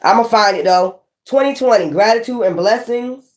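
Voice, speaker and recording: A woman giving a casual tarot reading to viewers, emphatic and rambling, swearing freely, swinging from near-shouts to low muttering. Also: moderate pace, a little hiss or hum. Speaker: tarot reader.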